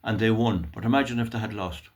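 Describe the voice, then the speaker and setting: A man's voice: lowish voice, fast. Scornful Irish man ranting. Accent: Irish, west of Ireland. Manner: blunt, scornful rant, mock-emotional jeering. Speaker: YouTube commentator. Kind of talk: solo commentary reading news articles.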